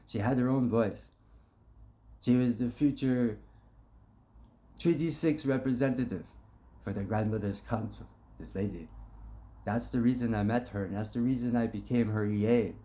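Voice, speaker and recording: A man's voice: medium pitch, normal speed, long pauses, warm tone. Blunt, profane man telling a story. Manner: blunt and profane, acts out quotes. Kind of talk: impassioned storytelling monologue.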